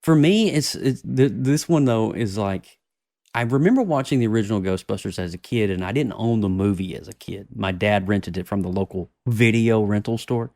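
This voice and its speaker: Animated male podcast host, dry sound. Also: fairly low pitch, moderate pace, no room sound. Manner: animated, laughing, swearing banter. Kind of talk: casual chat.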